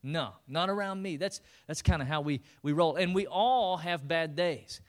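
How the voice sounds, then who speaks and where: A man's voice: fairly high pitch, moderate pace. A man preaching a sermon in a conversational way, now and then rising to emphatic bursts. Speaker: pastor.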